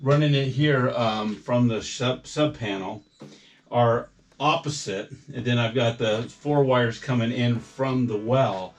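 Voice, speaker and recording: A man documents his home DIY project as he goes, speaking slowly in a medium-pitched voice. He rambles casually, fills pauses with fillers, thinks aloud and now and then sounds a bit out of breath.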